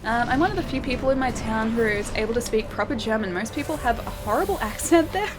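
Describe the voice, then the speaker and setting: A woman's voice: on the high side, expressive, fast. A young woman streaming a game, chatting loosely with her viewers and reading their messages, with lots of fillers and laughs. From Australia. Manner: chatty, rambling, laughs often, many fillers. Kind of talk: casual gameplay commentary with chat reading. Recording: game music behind voice. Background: game music.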